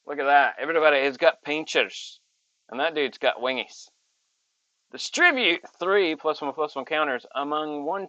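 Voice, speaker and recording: A man hosting a casual card-opening video, chatting and reading card text aloud with excited asides. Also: on the high side, no echo. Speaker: channel host. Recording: dull lo-fi audio.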